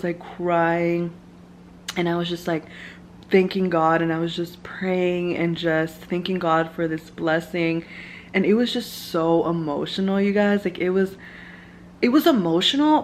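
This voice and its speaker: A woman's voice: fairly low pitch, slight background noise. A young woman vlogging at home, telling a personal story in casual chat full of "like" fillers. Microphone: camera mic, filming herself.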